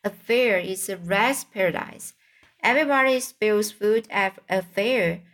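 Lady reading as a wise old sheep, slow and tempting, storybook voice. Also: medium pitch, fairly bright tone, close to an everyday voice. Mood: persuasive. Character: old ewe, knowing and persuasive.

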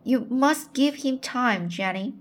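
A woman reading the part of a kind young woman student who gently comforts a friend. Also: high voice, expressive, takes it slowly, voice pushed up. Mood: comforting.

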